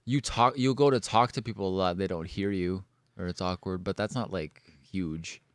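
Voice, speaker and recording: A man telling a story in casual chat, animated and full of swearing, likes and restarts. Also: sits low, normal speed, dry recording.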